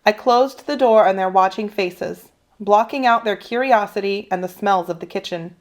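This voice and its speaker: A woman teacher reads a children's novel aloud to a class. Her voice is mid-pitched and steady. She tells the story expressively. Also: moderate pace. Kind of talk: children's read-aloud narration.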